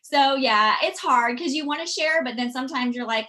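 A woman, telling stories as a podcast guest in a chatty, animated way. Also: high-pitched, moderate pace. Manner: chatty, animated, quotes people in acted voices. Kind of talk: casual storytelling.

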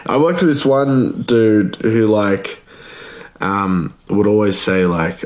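A man's voice: sits low, normal speed. Laid-back man rambling. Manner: rambling, laughs often, many fillers and restarts. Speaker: podcast host, chef. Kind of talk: casual rambling chat.

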